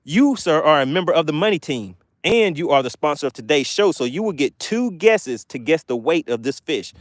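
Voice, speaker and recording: A man's voice: a little high, big pitch swings, moderate pace, no room sound, studio quality. A man hosting a live fishing stream from a boat, chatting casually and laughing as he reads viewer comments aloud. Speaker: fishing channel host.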